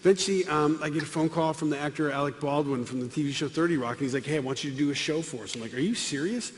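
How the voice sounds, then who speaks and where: A middle-aged man giving a comic testimony to a live audience, acting out the dialogue with lively voices. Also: on the high side, racing. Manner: animated, acts out dialogue with voices. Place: large hall with live audience. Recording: long hall reverb, faint room noise.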